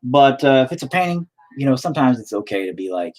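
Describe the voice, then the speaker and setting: A man's voice: medium pitch, very animated, fast talker, few pauses, darkish tone. A man chatting casually while he paints, rambling, swearing often and talking to himself. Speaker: painting streamer.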